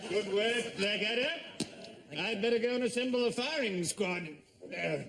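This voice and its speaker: An actor playing a pompous, blustering general in a TV sitcom. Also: male voice, normal speed, background noise. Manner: blustering, booming. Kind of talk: TV sitcom acting.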